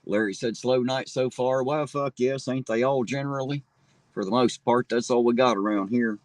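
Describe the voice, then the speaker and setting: A man's voice: medium pitch, steady tone, moderate pace, no echo. Brief: middle-aged Ohio man, Appalachian drawl, laid-back and profane, dry close sound. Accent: southern Ohio Appalachian drawl. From southern Ohio. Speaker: livestream host. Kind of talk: casual chat reading viewer comments. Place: parked car at night.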